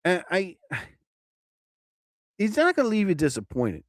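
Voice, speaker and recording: Male live-stream host, animated rambling monologue, lively swooping pitch, dry close mic. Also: measured pace, no echo. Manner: animated, rambling, exclaims loudly.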